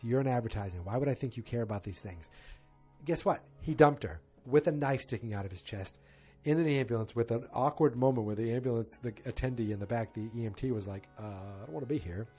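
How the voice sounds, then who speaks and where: Male podcast host, mid-pitched and husky, chatty rambling recap style, faint music bed. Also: warm tone. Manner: rambling, chatty retelling with quoted lines. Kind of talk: casual episode recap.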